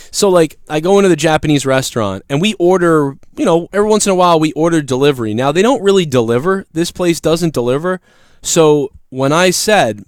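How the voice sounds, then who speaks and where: Male livestream host, swears a lot, animated, higher voice, clean and dry. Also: clean tone, no room sound. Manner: profane, animated storyteller. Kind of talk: casual ranting livestream chat.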